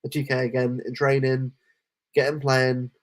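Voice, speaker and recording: A man co-hosting a casual football podcast, talking in animated rants full of restarts. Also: mid-range voice, moderate pace. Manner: animated, ranting, lots of restarts. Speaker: podcast co-host.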